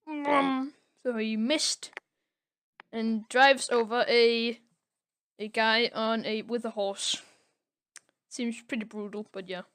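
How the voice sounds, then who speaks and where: A young woman recapping a comic on a casual podcast, rambling with lots of filler words. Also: on the high side. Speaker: podcast co-host.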